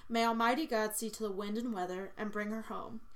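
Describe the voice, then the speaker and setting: A woman narrating a medieval tale in an audiobook, telling the story in a measured, expressive way. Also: mid-range voice.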